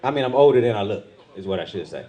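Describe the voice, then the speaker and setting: A middle-aged man doing stand-up comedy on a club stage with a handheld mic, jumping into loud, high voices when he acts out other people. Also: lively intonation, rapid-fire. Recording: live club with loud crowd laughter.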